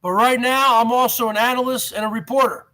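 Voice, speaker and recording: A man hosting a live stream, ranting and badgering his viewers with repeated questions and bursts of shouting. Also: extremely high pitch, a little fast. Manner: shouts to whip up the audience.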